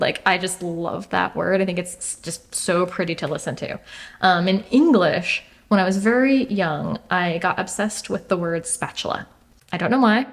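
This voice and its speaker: A young adult woman chatting as an interview guest, thoughtful, with many fillers and restarts. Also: fairly low pitch. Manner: thoughtful, frequent fillers and restarts, laughs easily. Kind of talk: casual interview chat.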